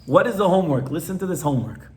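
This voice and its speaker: A man's voice: fairly high pitch, lively intonation, racing, a little mellow. A man, a rabbi, teaching an informal class to a live audience in a conversational way, often stopping to ask his listeners questions.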